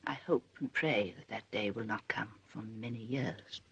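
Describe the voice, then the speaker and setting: A woman's voice: deep voice, animated, moderate pace, vocal fry, fairly bright tone, slightly rough, dull audio, heavily acted. An actress playing a proper, anxious middle-aged mother in a 1930s film, prim and emphatic, lecturing her son's new wife.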